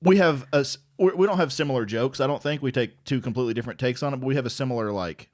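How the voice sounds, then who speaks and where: A man, a comedian and podcast co-host, talking through a story in a relaxed, casual chat. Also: medium pitch, racing, dry recording, studio quality.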